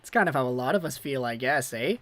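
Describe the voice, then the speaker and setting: A woman hosting a fan livestream, giving live play-by-play that swings between hushed worry and excited shouting. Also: extremely low pitch, quick pace, no room sound. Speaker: livestream host.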